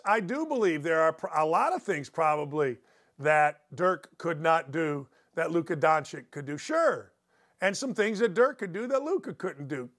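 A middle-aged male host with a fairly high voice delivers a blunt sports commentary monologue. He is opinionated and rambles into old stories. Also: a bit bright. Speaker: sports talk show host.

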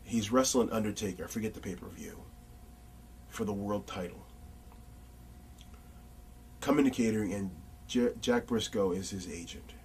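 A man as an interview guest, telling casual anecdotes in an animated, blunt way with some profanity. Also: on the low side, normal speed, pauses often, distant mic, a little hiss or hum.

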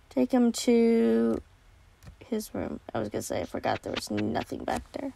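A woman's voice: a little high, sing-song, moderate pace, vocal fry, mellow, slight background noise. A young woman casually commenting on a game she is playing, reading characters' lines aloud and swearing playfully. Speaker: game streamer.

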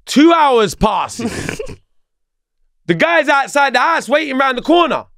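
Gravelly London man telling a story. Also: extremely high pitch, measured pace, dry recording, clean studio sound. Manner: animated, swearing, slangy. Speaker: podcast guest. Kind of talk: casual storytelling.

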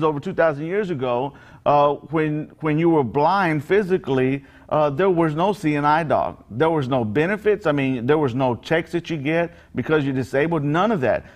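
A male pastor giving a short daily devotional message, talking in an earnest, conversational way, full of fillers and restarts, with rhythmic emphatic phrasing. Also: fairly high pitch.

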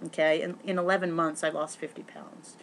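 A woman vlogging casually, rambling with many restarts and fillers, breaking into excitable bursts and swearing now and then. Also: low voice, brisk, gravelly, a little hiss or hum.

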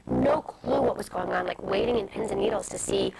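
Young woman, TV interview guest, rapid anecdotal delivery, noisy broadcast audio. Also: medium pitch, creaky. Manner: fast, animated anecdote-telling with many asides. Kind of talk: candid storytelling interview.

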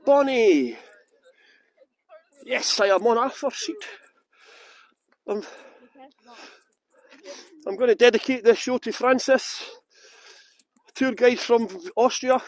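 A man's voice: extremely high pitch, slow pace, pauses often, no room sound. A Scottish man giving a live-streamed tour outdoors on a windy hilltop, chatting with viewers and laughing often. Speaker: tour guide. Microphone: good external microphone.

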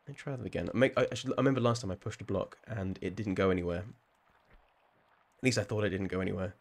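A man's voice: deep voice, fast. A man with a southern English accent, chatting casually with viewers while playing a game on a live stream, rambling and laughing often. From southern England.

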